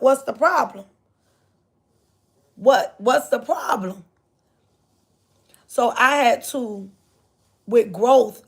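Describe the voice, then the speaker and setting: Gravelly older woman preaching faith. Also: a little high. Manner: preachy, repeats phrases, greets viewers. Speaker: livestream host. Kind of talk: inspirational faith talk to viewers.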